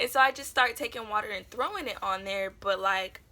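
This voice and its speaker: A woman's voice: mid-range voice, fast, few pauses, pushed and bright. A young adult woman vlogger telling a personal story in a casual, chatty way, full of fillers. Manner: chatty, meandering with lots of fillers.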